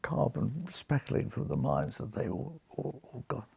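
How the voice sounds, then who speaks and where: A very old British man with a deeply gravelly, husky voice, spinning yarns from his surgical career and slipping into the voices of the people in them. His tone is dark and mellow, recorded close in a dry room with no echo. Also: a little slow. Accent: British English. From Britain. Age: 90s. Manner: lively raconteur, acts out quoted voices, chuckles. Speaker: retired surgeon, guest. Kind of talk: anecdotal storytelling in an interview.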